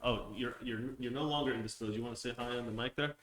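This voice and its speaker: A man's voice: medium pitch, steady tone, fast, a bit bright, slight background noise. Rambling male live-stream host. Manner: conversational, frequent restarts and fillers. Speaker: live-stream host reading viewer comments.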